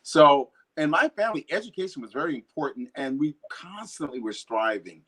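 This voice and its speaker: A man's voice: a little high, expressive, fairly quick, a bit bright, husky. A man, a poet appearing as a guest, talking earnestly and with animation in a casual conversation.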